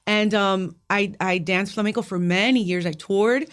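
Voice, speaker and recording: A woman in her thirties from Miami, a guest in an interview, chatting warmly and telling stories with laughs and emotion. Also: mid-range voice, moderate pace. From Miami, USA. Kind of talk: casual interview chat.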